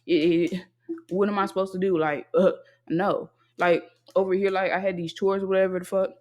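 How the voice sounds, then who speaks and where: A young adult talking alone into a single mic, venting in a blunt, heavily profane rant. The delivery keeps circling back to emphatic, repeated refusals. Voice sits at a middling pitch. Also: little pitch movement, a little fast, a little mellow. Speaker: podcast host venting. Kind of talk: casual solo venting monologue.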